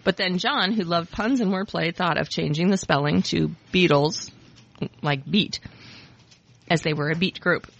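A woman's voice: fairly low pitch, unhurried, creaky. A woman hosting a podcast, chatting casually and reading out trivia in an upbeat, chatty way. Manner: chatty, upbeat, laughs often. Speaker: podcast host. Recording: dull lo-fi audio.

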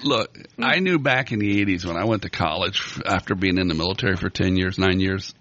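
A man's voice: deep voice, a little fast, a bit bright, a little hiss or hum. A man in his fifties co-hosting a podcast in casual chat, wry and punning, laughing often. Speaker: podcast co-host. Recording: dull lo-fi dry sound.

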